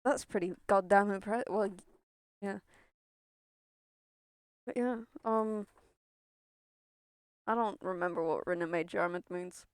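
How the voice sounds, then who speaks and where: A woman's voice: medium pitch, fairly even intonation, slow pace, long pauses, clear, resonant tone, dry recording. A young woman streaming a game, chatting in a rambling way, swearing and laughing often. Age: young adult. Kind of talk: casual gameplay chatter.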